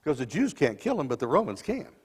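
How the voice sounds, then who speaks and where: A man in his sixties preaching a sermon as dramatic storytelling, swinging between loud and soft passages, in a church sanctuary. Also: medium pitch, wildly swooping pitch, quick pace, breathy edge. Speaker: lay preacher. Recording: long church reverb.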